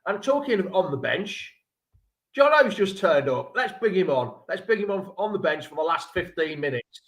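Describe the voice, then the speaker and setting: Chatty fan-show host, echoey room. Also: male voice, high voice, big pitch swings, moderate pace, fairly bright tone. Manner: chatty, rambling, jokey banter with viewers. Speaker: fan channel livestream host. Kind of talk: casual live-stream chat reading viewer comments. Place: room at home.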